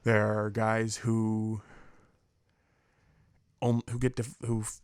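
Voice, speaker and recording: A man's voice: on the low side, monotone, slow, smooth, dry recording, clean studio sound. A young man commenting casually on clips, rambling and profane, laughing often and slipping into mocking voices. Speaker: commentary vlogger reacting to clips.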